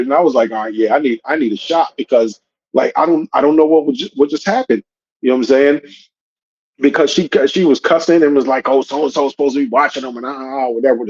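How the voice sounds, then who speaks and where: A man hosting a podcast, telling a story in a casual, slangy, animated way. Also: medium pitch, highs cut off. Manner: slangy and animated, says "yo" and "you know what I'm saying". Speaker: podcast host.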